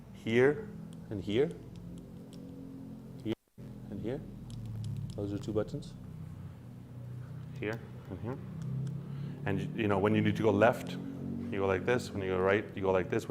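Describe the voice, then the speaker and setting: A man with a slightly low voice hosts a relaxed explainer. He talks in an animated, loose way, restarting his sentences often. Now and then he acts out quoted voices. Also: noisy background. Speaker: co-host explaining crypto wallets. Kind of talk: casual explanatory chat.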